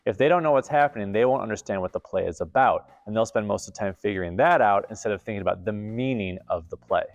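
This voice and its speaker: A man hosting a theater camp lesson, explaining acting technique in clear, deliberate scripted narration. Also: on the low side, muffled recording, faint music behind.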